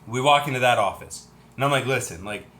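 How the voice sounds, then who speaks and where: A man hosting a livestream, telling a story in a chatty, animated way and acting out what other people said. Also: medium pitch, fast talker. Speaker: livestream host.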